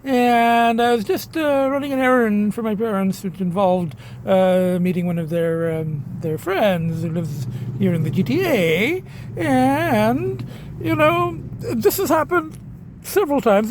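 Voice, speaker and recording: A man's voice: very high voice, slight background noise. A middle-aged man from Canada vlogging casually to a phone camera, rambling with many hesitations and restarts, blunt and swearing when annoyed. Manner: rambling, hesitant, full of you-knows and restarts. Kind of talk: casual vlog talk to camera. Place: car, restaurants and shops.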